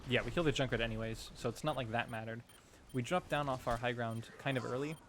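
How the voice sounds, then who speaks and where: A man's voice: medium pitch, fast talker. A man coaching as he reviews team match footage, thinking aloud in a casual, analytical way with frequent restarts. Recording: noticeable background noise.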